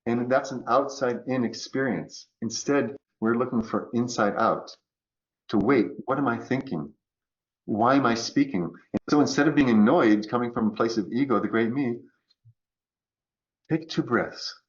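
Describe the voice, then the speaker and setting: A man talking as a podcast guest about choice and resilience, acting out quoted voices in an animated way. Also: medium pitch, normal speed, lo-fi sound. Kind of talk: conversational coaching talk.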